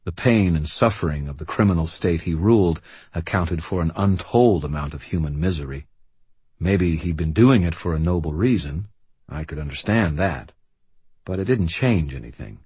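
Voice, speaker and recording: Deep, husky male audiobook narrator. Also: expressive, normal speed, darkish tone, no room sound. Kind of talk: first-person audiobook narration.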